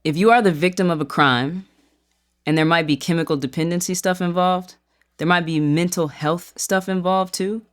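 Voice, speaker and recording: An advocate explaining things in an interview, speaking in a measured, explanatory way. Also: mid-range voice, fairly even intonation. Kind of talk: recorded interview clip.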